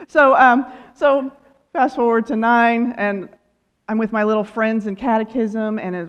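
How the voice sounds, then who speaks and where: A woman's voice: a little high, normal speed. A woman speaker giving a lighthearted sermon with personal stories, often laughing at herself. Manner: humorous, self-amused, laughs often. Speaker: guest speaker, ministerial student. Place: church sanctuary. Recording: dull sound in a long-reverb hall.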